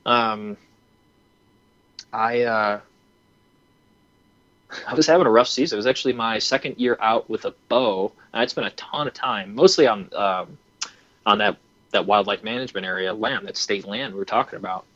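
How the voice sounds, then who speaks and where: Animated young man telling a story. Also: fairly low pitch, moderate pace, long pauses, no room sound. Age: 20s. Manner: animated, acts out his own reactions, many fillers. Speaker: hunting program founder and podcast guest. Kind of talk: casual storytelling. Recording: dry, slightly dull lo-fi audio.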